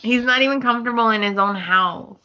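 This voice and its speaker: On a podcast she co-hosts, this woman chats casually about soap opera episodes, animatedly performing scene quotes and laughing along. She speaks a little high and fairly quickly, with the highs cut off and a bit of hiss or hum in the audio.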